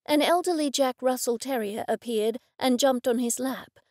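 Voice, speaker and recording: A woman narrating a cozy mystery audiobook in first person, with measured, dry storytelling. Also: high-pitched, darkish tone, no room sound.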